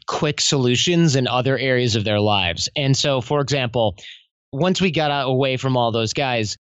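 A man speaking as a podcast guest, telling stories in an animated way and acting out quoted lines in other voices. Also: medium pitch, smooth, dry recording, dull audio. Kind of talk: conversational interview.

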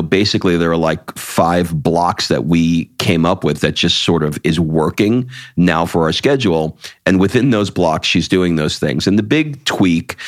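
A man's voice: low-pitched, no room sound, studio quality. A man co-hosting a podcast in casual chat, talking frankly with casual swearing and restarted phrases. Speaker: podcast co-host.

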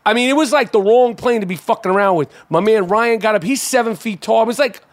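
Speaking fast, a male podcast host with a high-pitched voice spins a story for his listeners. He's animated and easygoing, drops curse words liberally, and stumbles through fillers and restarts.

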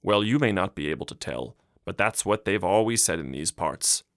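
A man's voice: sits low, animated, moderate pace, gravelly, fairly bright tone, dry recording, studio quality, heavily acted. A man reading an audiobook, voicing an older village mayor who talks emphatically and insists he is right. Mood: musing. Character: old village mayor, insistent and self-assured.

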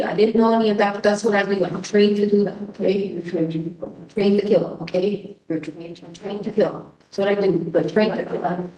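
A woman's voice: medium pitch, a little mellow, natural voice. A woman putting on a foreign-sounding accent as a persona who insists she is a trained killer, heard in an echoey archival interview clip. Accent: put-on foreign accent that sounds Russian. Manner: insistent, repeating herself.

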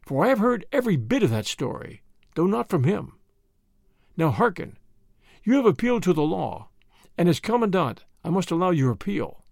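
A man's voice: high voice, big pitch swings, moderate pace, creaky, a little mellow, no room sound, clean studio sound, full character voice. A man voicing a stern older Boer commandant who speaks in a firm, authoritative way.

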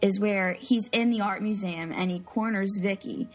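A woman's voice: mid-range voice, fairly even intonation, normal speed. Chatty woman full of fillers. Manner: chatty, filler-heavy, giggly. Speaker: podcast co-host. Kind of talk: casual chat.

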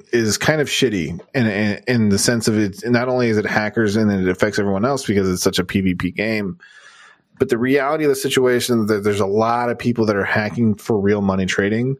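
A man co-hosting a casual gaming podcast, talking at length and repeating words as he thinks. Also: lowish voice. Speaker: podcast co-host.

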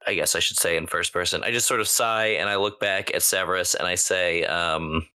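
A man with a deep but bright voice plays his character at a tabletop game, taking his time over each line. The recording is dry and close. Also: fairly even intonation, fairly quick, few pauses, smooth, no room sound. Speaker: player. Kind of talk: casual tabletop play.

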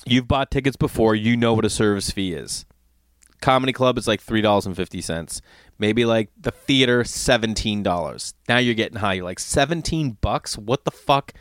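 A lowish voice at a moderate pace carries this middle-aged Los Angeles-area man's exasperated, swear-filled monologue, in which he acts out quotes from both sides with animation. The tone is clean, and the studio sound has no room noise.

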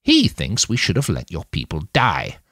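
A man voicing a sharp-tongued, slightly drunk woman leader who speaks with a slur. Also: deep voice, huge pitch swings, moderate pace, no room sound, clean studio sound, heavily acted. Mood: tipsy, sharp. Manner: snappish, slightly slurred.

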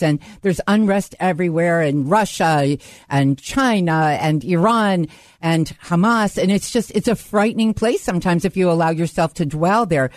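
A woman's voice: fairly low pitch, darkish tone, dry recording. Woman hosting a radio interview. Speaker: radio host.

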